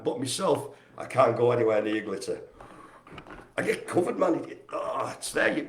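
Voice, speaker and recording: A man with a lively, bouncing voice hosts a casual live stream, rambling and cracking jokes at his own expense. His voice carries a roomy echo, picked up by a webcam mic indoors. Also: mid-range voice. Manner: chatty, jokey, rambling, self-mocking. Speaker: host of a live community broadcast. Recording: echoey room.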